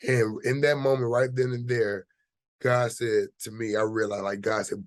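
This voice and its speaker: A US-born actor, interviewed as a guest, shares his story in a laid-back manner stuffed with filler words. His lowish voice keeps a fairly even intonation at a moderate pace, and the recording is dry.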